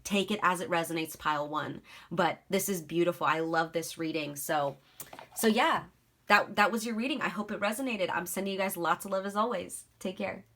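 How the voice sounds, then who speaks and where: Young woman, tarot reader, fairly low pitch, giggly, emotional, talks with lots of fillers. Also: a little fast, fairly bright tone. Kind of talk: casual tarot reading to camera.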